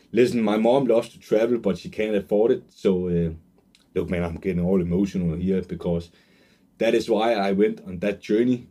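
A man in his late twenties tells his own story in a heartfelt sales pitch. His voice sits low and dark, with a husky edge. He stumbles and restarts often and gets visibly emotional. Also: moderate pace. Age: 20s. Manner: earnest and emotional, many fillers and restarts. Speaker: online marketer pitching a course.

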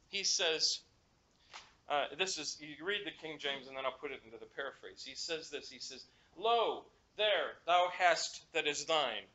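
High bright-voiced English pastor. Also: male voice. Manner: animated, acts out quotes, laughs at his own points. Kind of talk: sermon. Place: church. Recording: echoey, slightly dull church recording.

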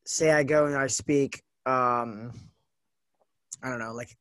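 A man's voice: medium pitch, fairly even intonation, slow pace, fairly bright tone, clean tone, no echo. An American man hosting a podcast, asking questions in a casual, rambling way with many fillers. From United States. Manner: rambling, filler-heavy, curious. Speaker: podcast host. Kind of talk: casual conversation.

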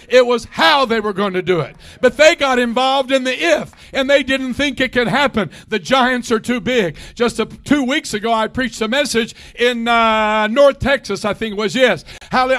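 Older guy preaching in church, really high voice, shouts and hallelujahs all over. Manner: fervent, shouting, call-and-response. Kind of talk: pentecostal sermon. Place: church sanctuary.

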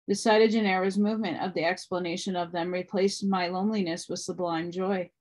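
A woman reading a book aloud at a steady pace, with small restarts along the way. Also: on the low side, brisk. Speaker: audiobook reader.

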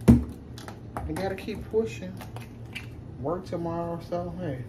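A woman with a low voice talks casually to her viewers while she cooks. She sits well back from the camera microphone, so she sounds distant. A steady kitchen noise runs underneath her. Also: takes it slowly, reverberant. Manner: chatty, talks straight to viewers as "y'all". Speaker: cooking vlogger. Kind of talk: casual chat while cooking. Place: home kitchen. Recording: distant mic with noisy kitchen background.

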